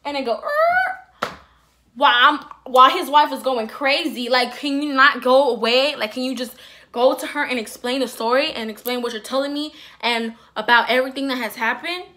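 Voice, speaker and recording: A young woman vlogger telling a personal story in an animated way, with many fillers. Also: high-pitched, normal speed. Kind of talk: storytime vlog.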